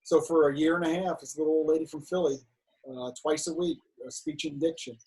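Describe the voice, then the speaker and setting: A middle-aged man with a slightly husky voice sits for an interview and tells his story candidly. His pitch sits a bit higher than most men's, and he often stumbles and restarts a phrase before pushing on. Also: fairly even intonation, fairly quick, darkish tone, poor audio. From United States, Cincinnati. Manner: frank, talks through restarts and stammers. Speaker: filmmaker and actor, guest.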